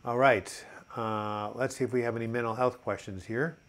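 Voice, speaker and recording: A man's voice: mid-range voice, fairly even intonation, moderate pace, fairly bright tone. Chatty older man hosting a live chat. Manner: chatty and upbeat, reads viewer comments aloud, many fillers. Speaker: host of a mental health live chat. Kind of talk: casual live-stream chat with viewers.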